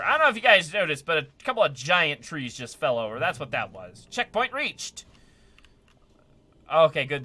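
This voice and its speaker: A man's voice: mid-range voice, bright, forceful tone, slight background noise. A man giving chatty, upbeat live commentary while playing a video game, often laughing and talking to his chat. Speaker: streamer.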